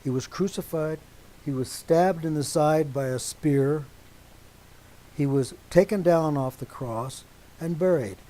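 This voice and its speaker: Emphatic preacher man, mellow voice. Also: a little high, low-quality recording. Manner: deliberate, emphatic, checks agreement with listeners. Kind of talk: teaching sermon to a congregation.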